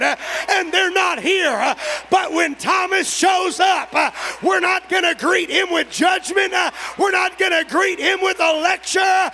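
A man preaching a revival sermon as a visiting preacher in a church service. He shouts fervently and puts an "uh" before most phrases. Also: extremely high pitch, vocal fry, slight background noise.

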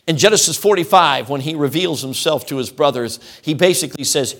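A man's voice: medium pitch, expressive, fairly quick, hardly any pauses, a bit bright. A middle-aged man preaching a sermon, emphatic and rhythmic, stacking repeated phrases into lists. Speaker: traveling preacher.

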